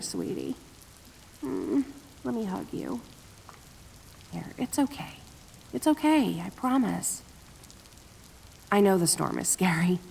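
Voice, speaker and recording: A woman playing a teasing, lively kitsune girl. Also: a little high, heavily acted. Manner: teasing and cheerful, softly reassuring. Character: playful protective young female kitsune friend. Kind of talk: audio role-play.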